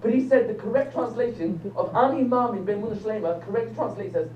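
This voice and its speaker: An older man, a rabbi giving a lively lecture that quizzes the audience and jokes with them. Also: high-pitched, fast, hardly any pauses. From England. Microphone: phone recording from the audience. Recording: distant, echoey, dull phone recording with faint hum.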